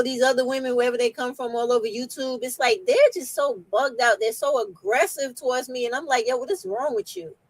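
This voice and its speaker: A woman's voice: high-pitched, fairly bright tone, no echo, poor audio. A woman with a New York accent hosting a casual chat, blunt and outspoken, swearing freely. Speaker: host.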